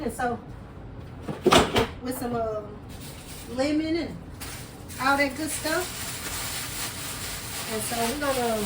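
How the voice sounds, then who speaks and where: Woman, fairly high voice, folksy cooking chat, home kitchen, clear background noise. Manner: folksy, chatty, keeps calling out to viewers. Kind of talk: casual cooking chat to camera.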